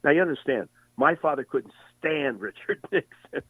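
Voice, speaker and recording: A man's voice: a little high, normal speed, breathy edge, no room sound. Older man storyteller on a tinny phone line. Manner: animated storyteller with many voices. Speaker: veteran sports broadcaster, guest. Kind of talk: storytelling interview.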